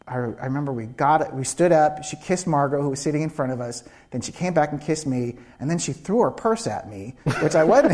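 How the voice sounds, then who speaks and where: A man, a screenwriter, telling stories in a live onstage interview, acting out quotes and laughing often. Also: a little high. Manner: animated storyteller who acts out quotes with laughter. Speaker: screenwriter guest.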